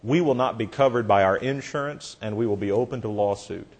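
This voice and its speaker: A man voicing a stern ride attendant, speaking slowly and firmly. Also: breathy edge. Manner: slow, firm, low.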